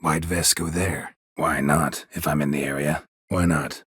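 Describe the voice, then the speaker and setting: An actor playing a gruff, laconic middle-aged monster hunter in a game, with a husky voice and clipped, dryly sarcastic questions. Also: male voice, fairly even intonation, a little slow, a bit bright, no room sound, full character voice. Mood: terse, dry. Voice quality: husky, gravelly low voice. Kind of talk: game voice acting. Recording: dry close studio recording.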